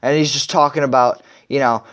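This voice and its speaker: A man's voice: mid-range voice, steady tone, fairly quick, fairly bright tone, smooth. A young man hosting a video and recapping a comic chapter in a rambling, filler-heavy casual way. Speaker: video host.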